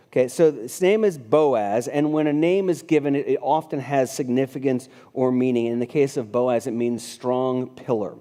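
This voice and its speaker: Mellow-voiced man preaching a sermon. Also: mid-range voice, normal speed. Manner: conversational, restarts phrases, reads scripture aloud. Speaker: pastor. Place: church sanctuary.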